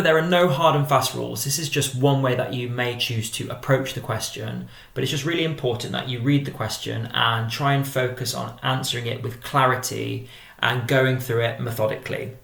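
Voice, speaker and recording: A man teaching a drama exam-prep lesson, explaining each step in a measured, methodical way. His voice has a gravelly, creaky edge at a mid pitch. The recording carries a noticeable room echo. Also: a bit bright.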